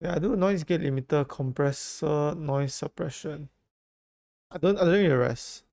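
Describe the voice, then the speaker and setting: A man's voice: on the high side, moderate pace, vocal fry, a little mellow. A man streaming live, chatting casually while fumbling with his settings and repeating himself. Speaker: livestreamer. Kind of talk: casual livestream chat.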